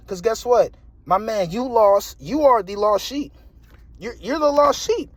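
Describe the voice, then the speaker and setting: A young man with a high voice tells a story straight to the camera, animated and full of slang, repeating himself and breaking into laughs. The sound is close and dry with almost no room in it. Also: normal speed, no echo. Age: young adult. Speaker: vlogger. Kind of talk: casual storytelling monologue.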